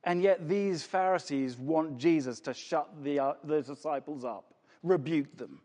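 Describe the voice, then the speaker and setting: A man's voice: a little high, a little slow, dark tone. A man preaching a sermon with emphasis, asking rhetorical questions and repeating words for effect. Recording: long reverb of a large hall.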